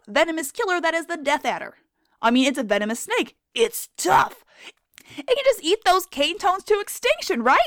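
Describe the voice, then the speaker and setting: A woman hosting a scripted, comedic wildlife lesson, theatrical and profane, who spells words out loud. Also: high-pitched, no echo, studio quality. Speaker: science video host.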